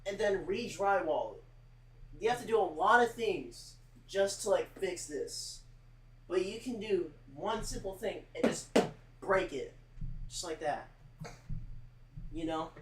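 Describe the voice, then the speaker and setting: A man's voice: high-pitched, expressive, slow pace, long pauses, low-quality recording. A man talking casually to his livestream chat, rambling with lots of "like" and repeated words, earnest and close to tears at times. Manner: rambling, heavy use of "like", repeats himself.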